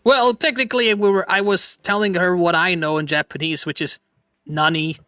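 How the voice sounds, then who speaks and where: Giggly young man with a bright voice. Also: high-pitched, expressive, brisk, no echo, studio quality. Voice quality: giggly, laughs often. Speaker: VTuber streamer host. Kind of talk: casual chat.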